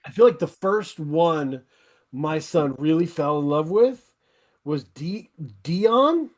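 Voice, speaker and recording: Middle-aged man, podcast host, higher voice, eager casual chatter. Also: expressive, slow pace. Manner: enthusiastic, rambling recommendations. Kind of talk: casual interview chat.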